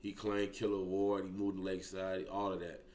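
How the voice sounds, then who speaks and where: With a low-pitched voice at normal speed and slight background noise, a man hosts a reaction video full of profane, slangy street stories. He's animated and casual, drawling "boy" to finish lines.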